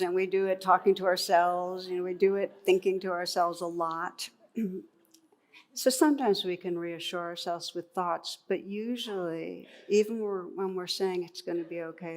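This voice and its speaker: A woman, a meditation teacher, giving a dharma talk in a reflective, gently humorous way. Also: on the low side.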